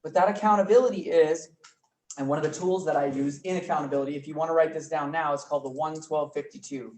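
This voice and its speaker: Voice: medium pitch, a little mellow. A presenter giving an informal business training talk to a small group, chatty and prone to mid-sentence restarts. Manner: chatty, coins words, corrects himself or herself mid-sentence. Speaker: workshop presenter. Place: office meeting room with a small group. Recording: echoey room, mic far off, faint noise.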